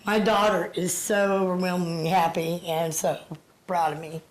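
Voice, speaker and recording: A woman's voice: fairly low pitch, little pitch movement, rough recording. Breathless woman speaking at a council podium. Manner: emotional, halting, repeating words. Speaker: public commenter. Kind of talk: public comment at a council meeting. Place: city council chambers.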